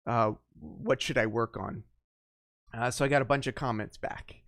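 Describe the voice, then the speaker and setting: A man hosting his first live stream, chatting off the cuff, greeting viewers one by one and often pausing on fillers. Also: medium pitch, a bit bright, no room sound, studio quality. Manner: unscripted, greets viewers by name, halting with fillers. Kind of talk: casual live stream chat.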